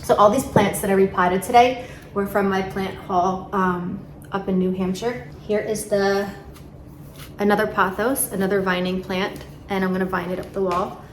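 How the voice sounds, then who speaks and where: A woman's voice: medium pitch, fairly even intonation, normal speed. A woman with a New York accent gives a casual plant-care vlog, chatting with lots of fillers and self-corrections as she repots plants at home. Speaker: plant vlogger. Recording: echoey room with clear background noise.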